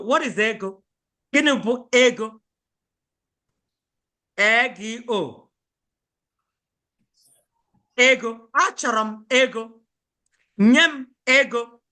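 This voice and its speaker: Woman language teacher, bright tone, animated pitch, encouraging and repetitive, mixing English with Igbo phrases. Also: takes it slowly, pauses often. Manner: encouraging, coaxing, repeats phrases often. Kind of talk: adult beginner language class.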